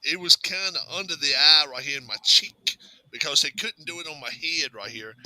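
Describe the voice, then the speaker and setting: A man spins a laughing story in a loose, drawling way, slipping into the voices of the people he quotes. His voice is very bright and a touch high. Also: animated, moderate pace, low-quality recording. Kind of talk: casual storytelling and sports chat.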